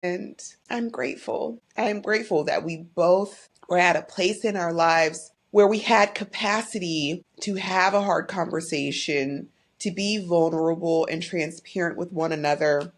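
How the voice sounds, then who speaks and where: A woman's voice: on the low side, normal speed, few pauses. A middle-aged woman hosting a podcast, talking candidly and from the heart about her own life. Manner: candid and heartfelt, faith-tinged, openly emotional. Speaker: podcast host. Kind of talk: personal monologue.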